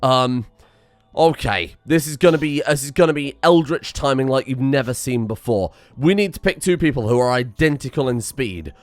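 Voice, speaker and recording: A man giving excitable, self-mocking commentary while playing a game, thinking aloud and swearing. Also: medium pitch, normal speed, dry recording. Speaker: gaming streamer. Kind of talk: casual gameplay commentary.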